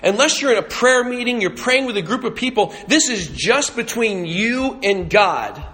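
A man with a high, bright voice preaches a sermon, speaking conversationally and slipping in humorous asides as he tells a story. He sounds like a pastor addressing his congregation. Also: animated, normal speed.

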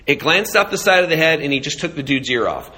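A man's voice: fairly high pitch, expressive, quick pace, bright, forceful tone. A man preaching a sermon, telling a story with animation and asking rhetorical questions. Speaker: pastor.

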